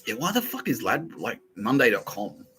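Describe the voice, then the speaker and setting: A man's voice: medium pitch, wildly swooping pitch, normal speed, bright, forceful tone, faint music behind, rough recording. A man with an Australian accent hosting a rambling, profane comedy podcast, laughing at his own jokes and slipping into mock voices for bits. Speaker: podcast host.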